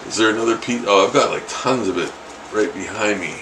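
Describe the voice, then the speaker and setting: A man's voice: lowish voice, fairly even intonation, normal speed, long pauses, pushed and bright, slight background noise, low-quality recording. Rambling, chuckling male artist. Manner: rambling, chuckling, many fillers and restarts. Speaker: artist streaming his drawing. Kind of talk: casual chat while drawing.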